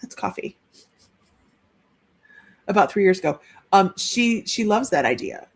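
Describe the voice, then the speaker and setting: Husky, gravelly-voiced woman medium. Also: medium pitch, very animated, moderate pace. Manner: chatty, relays messages with frequent restarts. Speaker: psychic medium. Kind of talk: live-streamed psychic reading.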